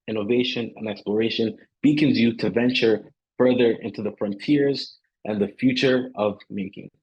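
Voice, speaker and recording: A man's voice: mid-range voice, slightly rough, dull audio. A man hosting an online panel, chatting loosely with fillers, then reading a formal closing. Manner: casual with fillers, then formal read-out outro. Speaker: host. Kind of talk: panel moderation and scripted closing.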